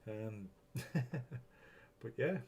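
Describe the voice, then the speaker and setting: A man's voice: lowish voice, animated, extremely slow, darkish tone, a little hiss or hum. A man hosting a casual live stream, rambling, swearing freely and chuckling often as he greets viewers.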